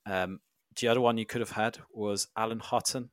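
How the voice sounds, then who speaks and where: A man co-hosting a casual football podcast, calm and measured as he talks through fixtures and quiz answers. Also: fairly low pitch, no room sound. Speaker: podcast co-host.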